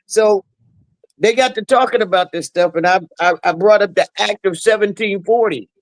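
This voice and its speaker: A man host telling a halting story in casual talk-show banter, restarting his sentences often. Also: sits high, no echo, rough recording.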